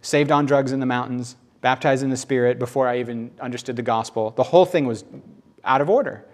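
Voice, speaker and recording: A middle-aged man preaching a sermon in a conversational, emotional storytelling manner. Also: fairly quick. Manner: conversational, emotional storytelling with sudden rises in pitch.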